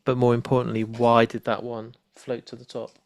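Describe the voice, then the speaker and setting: A man's voice: medium pitch, monotone, normal speed, creaky, dry recording. A man hosting a podcast, chatting casually with a guest and swearing freely. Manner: laid-back, swears casually. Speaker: podcast host. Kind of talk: casual interview chat.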